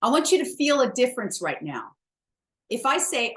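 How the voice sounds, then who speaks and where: A woman's voice: fairly high pitch, very animated, normal speed, fairly bright tone. A woman wellness coach giving a chatty, emphatic motivational talk, blunt and self-mocking, with the odd swear word.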